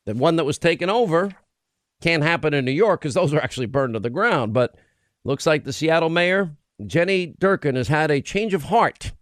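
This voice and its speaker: A man's voice: a little high, expressive, normal speed, no echo. A man hosting a talk radio show, delivering an emphatic, sarcastic monologue with frequent restarts into a studio microphone.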